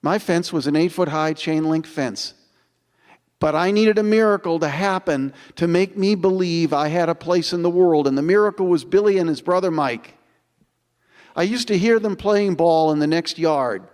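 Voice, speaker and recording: A man's voice: fairly high pitch, a little mellow. Older man orating in a reverberant auditorium. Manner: dramatic, building repetitions with slow emphatic pauses. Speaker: motivational speaker. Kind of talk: inspirational storytelling speech. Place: large auditorium.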